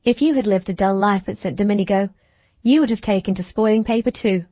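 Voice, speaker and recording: A woman's voice: mid-range voice, a little fast, mellow, dry recording, lightly acted. A woman reading the part of a spiteful, gushing young woman with a scornful, mocking manner, in an audiobook.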